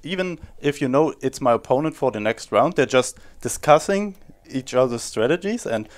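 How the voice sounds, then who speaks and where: A man's voice: mid-range voice, animated, moderate pace. Analytical male esports co-caster. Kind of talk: live esports commentary.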